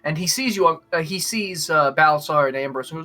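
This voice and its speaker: A young man running a tabletop game as game master, talking in halting stretches with many fillers. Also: fairly high pitch, pushed and bright, soft background music. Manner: hesitant, many fillers and restarts.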